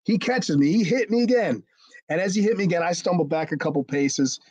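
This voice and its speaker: A man's voice: sits high, lively intonation, a little fast, a little mellow, slightly rough, no room sound. A middle-aged man, a former pro wrestler, telling a story casually in an interview. He swears freely and acts out the people in the story. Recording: dry, slightly dull lo-fi sound.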